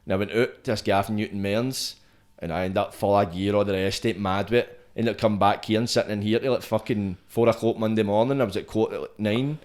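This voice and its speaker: A man's voice: lowish voice, fast talker, darkish tone. A man with a Glaswegian accent hosting a podcast, asking questions and telling stories in slangy, swearing casual chat. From Scotland. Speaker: podcast host.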